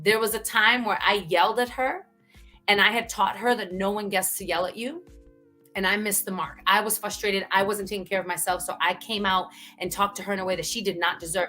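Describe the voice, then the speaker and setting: A woman speaking candidly as a guest, telling a personal story in an animated way and often tagging "right?" at the end of a thought. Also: mid-range voice, normal speed, faint music behind. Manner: animated, frequent "right?" tags, bursts of laughter.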